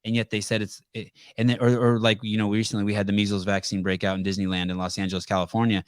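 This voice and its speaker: A man's voice: on the low side, level tone, fast, smooth, no echo, clean studio sound. A man hosting a live call-in podcast, telling stories bluntly and casually with some swearing. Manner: blunt storyteller with profanity. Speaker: podcast host. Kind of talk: casual call-in show chat.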